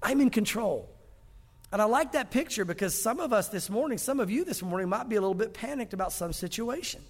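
A high-pitched male pastor preaching to his congregation in a relaxed, joking manner. He slips into the voices of the people he quotes. His voice rings with the long reverb of a church hall. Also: quick pace. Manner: conversational, humorous, acts out quoted voices. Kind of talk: sermon.

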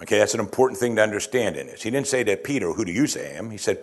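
A man's voice: lowish voice, animated, rapid-fire. A man preaching an expository sermon, conversational and emphatic, often asking his listeners questions. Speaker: pastor.

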